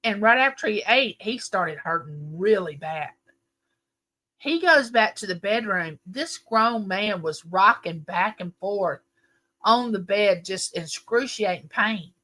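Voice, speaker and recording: A woman's voice: medium pitch, a little slow. A middle-aged woman, casually telling a long family story to her livestream audience. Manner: animated, emphatic storyteller. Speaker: livestream host.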